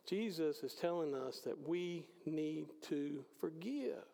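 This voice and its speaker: Male preacher, high and gravelly, conversational sermon, long hall echo. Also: animated, takes it slowly. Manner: conversational preaching, swings between loud and hushed. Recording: hall reverb.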